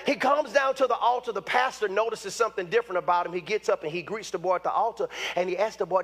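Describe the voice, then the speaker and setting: Fervent high-voiced preacher man. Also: quick pace, few pauses. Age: 50s. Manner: fervent, bursts into shouts, repeats lines for emphasis. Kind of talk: sermon.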